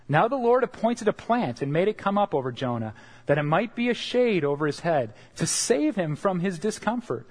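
A man preaching a sermon, earnest and direct, often checking in with the congregation with a quick "right?". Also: high voice. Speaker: pastor.

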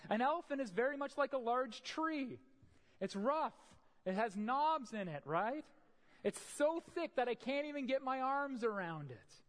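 An eager blind beggar man, played by a preacher, calls out with full certainty. His voice is lively and rises high. A long hall echo follows him. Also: unhurried.

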